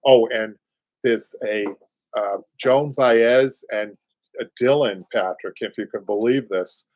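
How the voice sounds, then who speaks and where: A man in his late fifties with a Boston accent, chatting loosely through a live stream as host. His voice sits at an ordinary middle pitch, and he rambles with plenty of "uh"s and easy chuckles. The sound is dry and close, with hardly any room around it. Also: takes it slowly, a little mellow, no echo. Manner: rambling and chatty, many fillers, chuckles often. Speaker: upholsterer hosting a live show. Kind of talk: casual live-stream chat.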